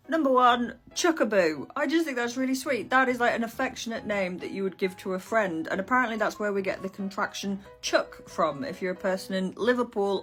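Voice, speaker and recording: A woman's voice: medium pitch, a bit bright. A woman presenting historical slang in a casual chat to camera, with wry, sardonic asides.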